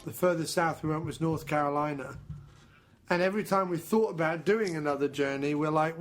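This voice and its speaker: A man's voice: a little high, a little fast. A man from England, co-hosting a joking film commentary. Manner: joking, chatty, does silly voices. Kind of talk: casual jokey commentary.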